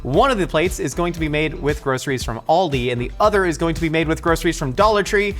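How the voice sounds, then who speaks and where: A man hosting a casual, jokey cooking show, excitable and playful, with sudden jumps up in pitch. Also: quick pace, soft background music.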